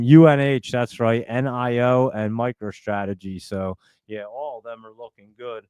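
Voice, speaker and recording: A man's voice: mid-range voice, a little mellow, smooth, dry recording. A man hosting a live stock trading stream, chatting in a loose, rambling way with casual swearing and plenty of fillers.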